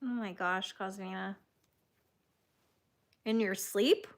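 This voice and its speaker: A woman's voice: mid-range voice, fairly even intonation, slow pace, vocal fry. A woman hosting a crochet livestream, chatting casually with viewers and laughing often as she tells stories on herself. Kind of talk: casual chat reading live comments.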